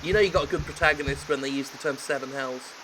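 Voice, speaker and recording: A man's voice: medium pitch, fast, noisy background. A man giving sardonic, theatrical commentary over a game he is playing. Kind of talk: let's play commentary.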